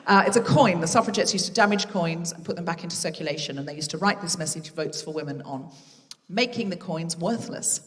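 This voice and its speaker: This woman runs a live comedy podcast from a theatre stage, doing stand-up hosting and crowd work with chatty self-mockery. She speaks in a lowish voice, briskly and with hardly any pauses. Her stage microphone is far off in a large hall.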